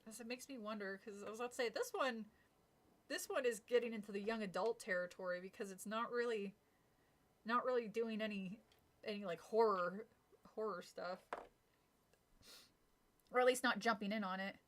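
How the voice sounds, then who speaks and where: A woman's voice: medium pitch, moderate pace, long pauses. A woman streaming a casual read-aloud of a kids' horror book, chatty and giggly with frequent asides. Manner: giggly, chatty, breaks off to comment and laugh.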